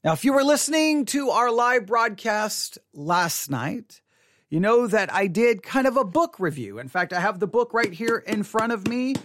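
A man's voice: high voice, big pitch swings, normal speed, a bit bright, no room sound. A man hosting a casual devotional podcast from a studio, rambling and often repeating himself as he talks. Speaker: podcast host. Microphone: studio mic.

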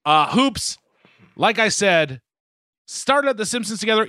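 A man's voice: high voice, lively intonation, a little slow, bright, forceful tone, no room sound, clean studio sound. A man co-hosting a podcast over a video call, joking and rambling in casual chat, swearing freely. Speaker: podcast co-host.

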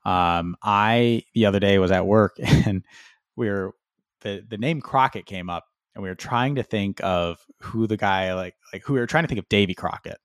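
A podcast co-host tells stories in casual chat, sheepish and self-deprecating, laughing often. His voice is lowish and smooth at a moderate pace, recorded at studio quality with no room sound.

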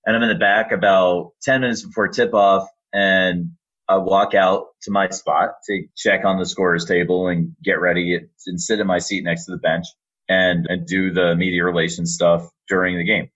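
Low husky-voiced man telling stories. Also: normal speed, muffled recording. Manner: animated storyteller, lively, acts out quotes. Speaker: arena public address announcer. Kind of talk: storytelling in a podcast interview.

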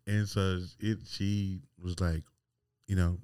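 A deep-voiced man tells a personal story on his podcast. He rambles candidly and restarts his sentences often. His tone is dark and mellow, and the recording is dry and close. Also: steady tone, moderate pace, no echo. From North Carolina. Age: 40s. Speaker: podcast host.

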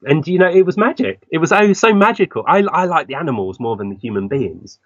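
A man, a guest on an interview, telling animated stories and acting out the voices of people in them. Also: on the high side, a little fast, dry recording. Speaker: guest medium. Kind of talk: interview storytelling. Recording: dull, dry lo-fi recording.

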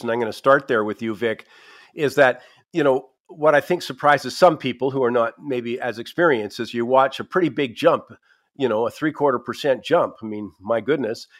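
A man hosting a radio talk show, chatty and emphatic, thinking aloud as he interviews guests. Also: medium pitch.

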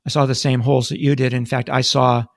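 A man hosting an interview, asking measured questions with some hesitation. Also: medium pitch, level tone, no room sound, studio quality. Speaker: interview host.

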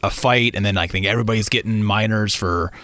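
A man's voice: fairly low pitch, fast talker. A man hosting a sports radio show, chatting casually and acting out quotes as he tells a story. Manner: animated storyteller, acts out deadpan quotes.

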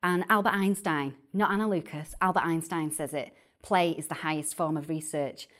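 Low-pitched woman, chatty podcast guest, lively, keeps restarting her sentences. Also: normal speed. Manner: animated, repeats words when starting a thought. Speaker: guest, early years educator. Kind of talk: casual podcast chat.

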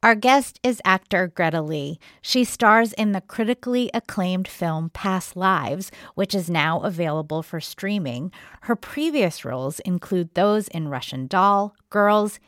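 A woman radio interviewer asking gentle questions and reading a scripted guest introduction. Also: fairly low pitch, a little slow, hardly any pauses, no room sound, clean studio sound. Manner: gentle questions, brief acknowledgments.

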